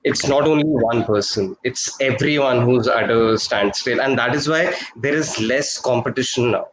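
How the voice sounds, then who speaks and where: A man speaking as a panel guest on a video call, halting with many fillers and restarts. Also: mid-range voice, a little hiss or hum, low-quality recording. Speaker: panel guest, film producer and actor.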